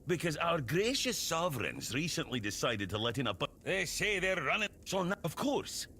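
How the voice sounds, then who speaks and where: Grumpy cursing cook. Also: male voice, on the high side, wildly swooping pitch, moderate pace, pushed and bright, a little hiss or hum, exaggerated voice. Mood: angry. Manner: gruff, swearing, sarcastic. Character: grumpy foul-mouthed male castle cook. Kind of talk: video game dialogue. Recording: game audio with music behind.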